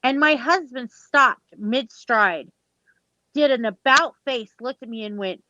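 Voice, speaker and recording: A woman telling a personal story in casual chat, animated and acting out quoted dialogue, with casual swearing. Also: fairly high pitch, slow, dry recording. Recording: dull lo-fi sound.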